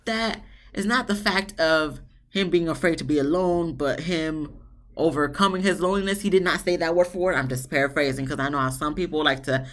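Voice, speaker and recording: A woman giving a casual, blunt and animated review of a reality show, sassy and full of asides. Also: low-pitched, brisk.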